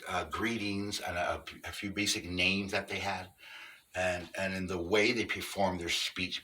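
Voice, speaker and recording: A middle-aged vlogger who talks about Sasquatch encounters speaks off the cuff to his viewers in a very low voice, earnest and halting as he walks through each point step by step. Sitting back from the mic, he sounds distant, and the audio is pushed and bright with slight background noise.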